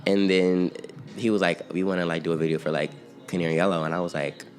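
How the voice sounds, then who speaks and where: A man's voice: low voice, steady tone, fast talker, soft background music. A young man from the outskirts of Philadelphia, telling stories in a casual interview with a loose, rambling flow, lots of fillers and bursts of laughter. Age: young adult. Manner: laid-back, rambling, many fillers, breaks into laughter. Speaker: interview guest, singer-songwriter and producer. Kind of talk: casual storytelling chat.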